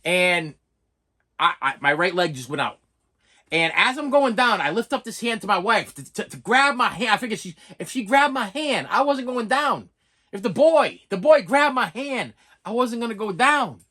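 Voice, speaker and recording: Guy in his 40s rambling through a funny story, bright voice, pitch bouncing all over. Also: normal speed. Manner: animated, self-mocking, repeats "listen", stammers. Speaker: vlogger. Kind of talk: casual storytelling.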